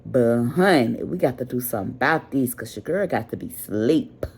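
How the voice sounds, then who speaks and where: A sleepless, tired woman vlogging casually late at night, venting frankly with drawn-out, trailing phrases. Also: a bass voice, lively intonation, darkish tone, husky.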